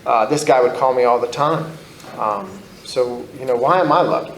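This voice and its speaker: A man's voice: mid-range voice, moderate pace, roomy sound, slight background noise, poor audio. A man telling his own recovery story to a group, candid and blunt, swearing freely, rambling with restarts.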